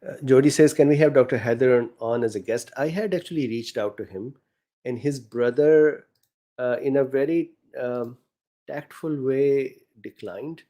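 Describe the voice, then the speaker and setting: Guy w/ an accent doing live q&a, reads chat out loud, lots of uhs, warm low-key tone. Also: moderate pace. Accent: non-native English accent. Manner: reads chat questions aloud, frequent fillers, chuckles. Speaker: host answering viewer questions. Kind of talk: casual live Q&A talk.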